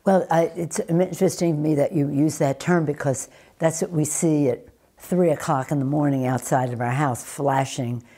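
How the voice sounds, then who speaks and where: Older woman, news interview, husky, dark mellow tone, emphatic, restarts sentences. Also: low voice, steady tone. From United States. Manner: deliberate, emphatic, with frequent restarts and fillers. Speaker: interviewee, former politician.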